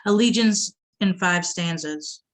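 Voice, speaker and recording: A woman from the Boston area reading her poems aloud at a poetry event, with a measured delivery and short asides to the audience. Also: on the low side. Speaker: poet reading her work.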